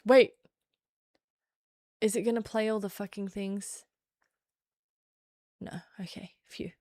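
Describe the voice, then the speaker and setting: A woman's voice: mid-range voice, steady tone, slow pace, a little mellow, no echo, clean studio sound. A young woman streaming, chatting casually in a playful, self-mocking way. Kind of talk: casual live-stream chat.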